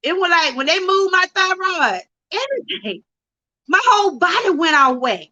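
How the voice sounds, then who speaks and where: A woman's voice: extremely high pitch, big pitch swings, moderate pace, bright, forceful tone, muffled recording. A middle-aged woman giving an emotional, fervent testimony on her livestream, close to tears and calling out to viewers. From Georgia, USA. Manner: fervent, preacher-like, addresses viewers as y'all. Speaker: livestream host.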